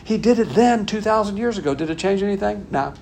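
A man's voice: sits high, lively intonation, quick pace, creaky, darkish tone, slight background noise. An older man preaching a conversational sermon, folksy and emphatic, repeating his points. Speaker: pastor.

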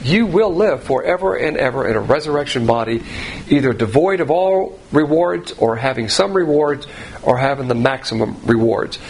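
Man, gravelly voice, mid pitch, expository sermon, emphatic peaks, faint background hiss. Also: poor audio. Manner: emphatic, rising sharply on key points; plain conversational teaching with fillers. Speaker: Bible teacher.

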